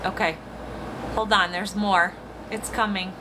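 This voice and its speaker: A woman's voice: medium pitch, steady tone, unhurried, noisy background. A woman talking casually on a phone livestream as a medium, chatty and laughing often, stopping to fix her phone. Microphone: phone on a tripod.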